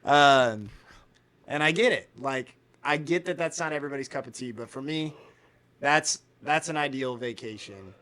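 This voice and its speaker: Animated swearing man telling stories. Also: mid-range voice, normal speed. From United States. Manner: animated storyteller, acts out quotes, swears freely. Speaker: podcast co-host. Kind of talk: casual chat.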